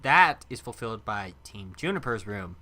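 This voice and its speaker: A young man co-hosting a podcast in casual chat, animated and laughing, quick to slip into impressions while telling stories. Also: fairly low pitch. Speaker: podcast co-host.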